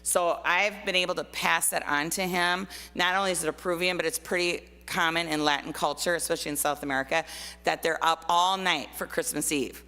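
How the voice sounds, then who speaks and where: A woman's voice: lowish voice, fairly even intonation, a little fast, sharp tone, smooth. A middle-aged woman from Minnesota speaking as a guest artist, telling personal stories in a chatty way with many fillers. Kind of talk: casual personal talk. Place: church hall. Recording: long hall reverb.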